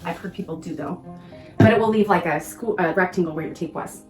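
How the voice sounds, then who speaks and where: A woman hosting a casual crafting tutorial, gushing and excitable, often exclaiming over her work. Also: lowish voice, brisk, reverberant, faint music behind. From Pacific Northwest of the US. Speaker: crafting channel host.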